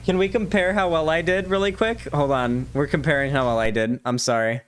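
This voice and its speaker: A man's voice: a little high, steady tone, a little fast, a little hiss or hum. A man hosting a casual livestream, chatting and reading donations in a rambling way with many fillers. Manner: rambling, full of fillers and restarts. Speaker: livestream host. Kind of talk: casual live chat.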